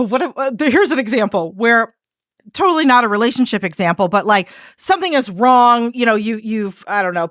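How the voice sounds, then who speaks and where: Animated, profane woman in casual chat. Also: a little high, no echo, studio quality. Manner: animated, profane, full of fillers. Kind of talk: casual podcast conversation.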